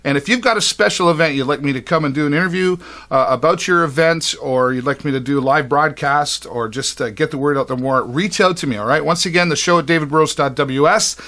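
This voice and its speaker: A man's voice: on the high side, quick pace, sharp tone. A man hosting a local community TV show in a chatty, upbeat way, often saying "all right" and "uh".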